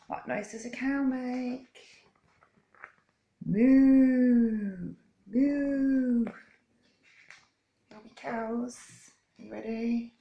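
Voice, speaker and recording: A woman reading a picture book aloud to young children, in a gentle, coaxing way that invites them to join in, and showing simple hand signs step by step. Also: a little high, vocal fry. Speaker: children's story time presenter. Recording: echoey room.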